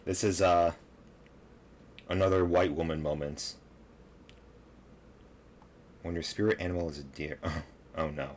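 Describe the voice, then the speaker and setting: Deep-voiced man mocking a clip. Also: little pitch movement, measured pace, long pauses, a little mellow, slight background noise. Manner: laughing, mocking, rambling with many fillers. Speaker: video commentator. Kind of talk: casual reaction commentary.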